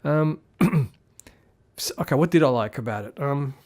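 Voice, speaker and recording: A man's voice: medium pitch, measured pace, darkish tone. A man giving a casual spoken film review, rambling and critical as he thinks aloud.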